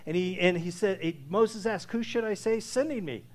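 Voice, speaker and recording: A man with a high voice preaches a sermon. He drops to quiet, slow lines, then builds to loud, emphatic declarations. He keeps putting questions to his listeners. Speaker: pastor.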